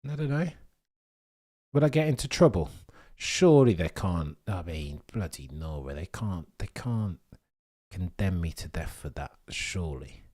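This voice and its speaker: A man's voice: sits low, animated, measured pace, mellow. A young British man streaming live, chatting and bantering cheekily with his viewers. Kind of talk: casual live-stream chat.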